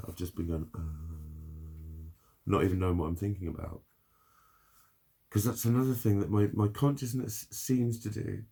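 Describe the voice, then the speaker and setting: A man with a very low, gravelly voice talks through a spoken video diary. His tone is dark and husky, and he rambles loosely, swearing freely as he goes. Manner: rambling, heavy swearing, frequent laughs. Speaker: vlogger.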